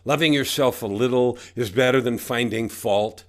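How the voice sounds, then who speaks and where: A man's voice: mid-range voice, normal speed. A man in his sixties, an author and coach, talking in an emphatic, preachy way as a podcast guest and repeating his catchphrases. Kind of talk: motivational podcast interview.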